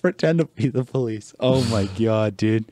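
A young man telling animated stories as a podcast guest, swearing freely and laughing often. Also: medium pitch, moderate pace, no room sound, clean studio sound. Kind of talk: casual podcast chat.

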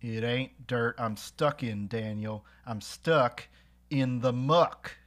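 A man reading the part of a stubborn ranch hand stuck in mud, speaking in slow plaintive sing-song repeats at a comedy table read. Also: mid-range voice, fairly bright tone, slight background noise.

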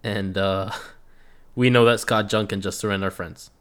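A man co-hosting a casual review podcast, telling stories in a relaxed way and laughing often. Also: fairly low pitch, moderate pace, clear, resonant tone. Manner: laid-back storytelling, acts out quotes, laughs often. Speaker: podcast co-host reviewing a reality show. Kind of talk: casual chat.

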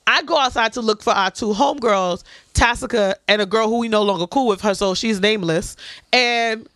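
A woman's voice: fairly high pitch, a little fast, a bit bright, dry recording. A woman co-hosting a casual podcast, telling a profane story and acting out everyone's lines. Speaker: podcast co-host.

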